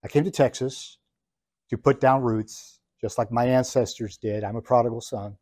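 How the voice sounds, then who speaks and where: A man, a business coach, lecturing business students in an emphatic, deliberate way, ticking through his points one at a time. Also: mid-range voice, steady tone, darkish tone, no room sound, clean studio sound.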